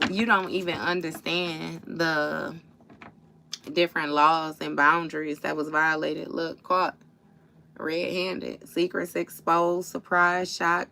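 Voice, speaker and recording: A woman giving a live tarot reading, talking bluntly and profanely in a streetwise, animated storytelling way, recorded on a phone or webcam at home. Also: fairly low pitch, gravelly, a little hiss or hum. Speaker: tarot reader. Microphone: phone or webcam for a livestream.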